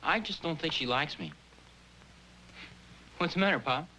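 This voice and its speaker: An actor playing an earnest, polite young college son in a 1950s sitcom, a little flustered. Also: male voice, a little high, expressive, a little slow, bright, forceful tone, slight background noise, rough recording. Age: young adult.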